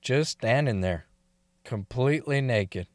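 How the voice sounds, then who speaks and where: A man's voice: medium pitch, expressive, a little slow, dry recording, studio quality. A man telling a crude first-person story, swearing and laughing often. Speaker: story reader.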